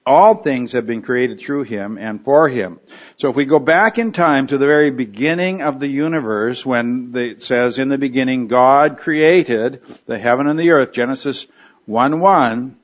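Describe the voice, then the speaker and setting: A man's voice: medium pitch, normal speed. A man giving a conversational expository sermon, thinking aloud with restarts and fillers as he explains a verse. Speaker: preacher. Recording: dull lo-fi recording.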